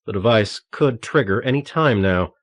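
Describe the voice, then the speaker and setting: A man narrating an audiobook thriller in a steady, measured reading. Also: fairly low pitch, no echo, studio quality.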